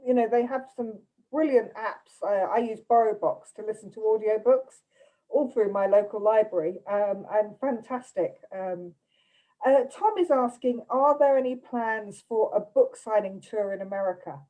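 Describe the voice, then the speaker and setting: A woman from the UK, a literary agent reading out audience questions and answering some herself in a relaxed way. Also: mid-range voice, moderate pace, rough recording. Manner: warm, relaxed, reads out questions with fillers. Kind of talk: casual chat.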